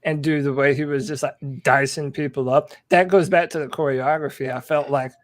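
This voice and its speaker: A man co-hosting a podcast in casual chat, excitable and peppering his talk with "dude.". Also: a little high, brisk, no room sound, studio quality. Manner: excitable, says "dude" often. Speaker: podcast co-host.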